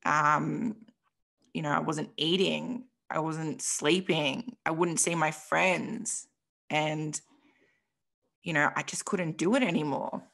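A woman's voice: low voice, steady tone, takes it slowly, gravelly, fairly bright tone. A young woman, a podcast guest telling her story frankly and emotionally, swearing and saying "like" a lot. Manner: emotional, frank, swears freely, says "like" often. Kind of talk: candid personal story in an interview.

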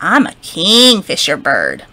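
A woman voicing a hungry kingfisher bird in a storybook reading, speaking slowly and loudly. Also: on the low side, wildly swooping pitch, gravelly, exaggerated voice. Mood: menacing. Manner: slow, loud, drawn-out.

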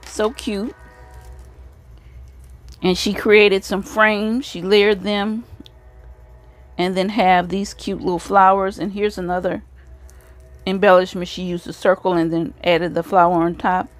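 A woman's voice: medium pitch, level tone, unhurried, long pauses. A woman hosting a casual craft video, showing swap items and praising them again and again. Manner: gushing, repeats praise often.

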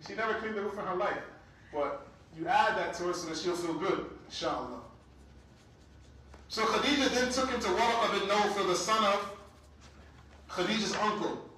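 A high-pitched man leads a religious class as an imam, speaking casually and checking in with "right?" again and again. His voice is bright and sharp, and it rings through a very echoey room. It is picked up from a mic set well back. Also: normal speed, long pauses, far from the mic, slight background noise. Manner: conversational, keeps checking in with "right?".

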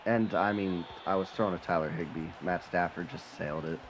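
A man giving live commentary on his own football video game, muttering one moment and shouting and swearing the next. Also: a little fast, a little hiss or hum. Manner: swings from low mutter to excited yelling, swears when frustrated. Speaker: gaming channel host.

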